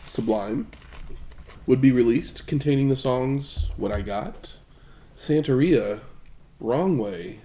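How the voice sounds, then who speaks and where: A man co-hosting a podcast who chimes in with brief, measured remarks. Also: medium pitch, dark tone. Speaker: podcast co-host. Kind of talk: casual chat.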